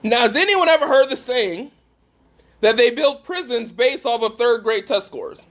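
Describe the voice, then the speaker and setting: Very high-voiced man preaching emphatically. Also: animated, normal speed, a bit bright. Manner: emphatic, questions the listeners directly. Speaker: speaker at a faith gathering. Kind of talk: preaching talk to a live group.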